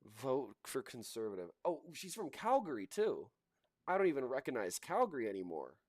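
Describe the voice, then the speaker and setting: A man's voice: medium pitch, huge pitch swings, normal speed, darkish tone, no room sound. A man hosting a livestream, reacting to posts with indignant commentary. He repeats himself and laughs scornfully. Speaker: livestream host.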